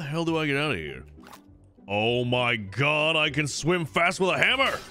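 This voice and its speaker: A young man giving excitable, swear-filled let's-play commentary, yelling at the game as he plays. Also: on the high side, unhurried, soft background music. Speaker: gaming YouTuber.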